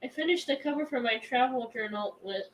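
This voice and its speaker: A woman's voice: fairly high pitch, a little fast, background noise. A woman co-hosting a craft livestream who reads out viewer comments in casual chat. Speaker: co-host reading viewer comments.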